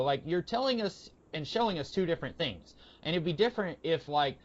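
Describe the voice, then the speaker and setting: A man's voice: a little high, animated, fairly quick. A man casually reviewing comics on a podcast, rambling with fillers and acting out quoted lines. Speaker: podcast co-host. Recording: dull lo-fi podcast audio.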